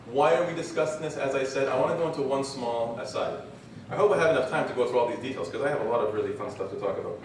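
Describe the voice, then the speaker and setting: A man's voice: mid-range voice, rapid-fire. A man delivers a religious talk to a conference crowd, acting out his examples as he goes. His voice sits in the middle range and sounds far from the mic, with heavy hall echo and a faint hum of ambience behind it. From Canada. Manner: lively storyteller acting out examples. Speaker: conference speaker. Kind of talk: religious lecture.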